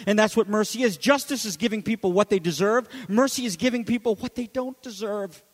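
High-voiced man preaching a sermon in a reverberant space. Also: fairly quick, hardly any pauses. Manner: impassioned preaching, swinging from loud emphasis to hushed asides. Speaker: pastor.

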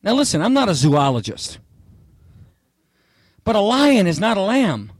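A man with a high-sitting voice preaches an expository sermon at a measured pace, working through the verses in an animated, theatrical way and joking with the congregation. There is no room sound.

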